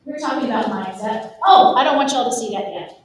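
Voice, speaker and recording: A middle-aged woman with a Texan accent gives a lively, emphatic motivational talk, speaking straight to the audience. Her voice sits high, and it rings through a very echoey room. The mic catches her from a distance, with faint noise underneath. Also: brisk. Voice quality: lively and emphatic, addressing the crowd directly. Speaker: speaker at a real estate event. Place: event room.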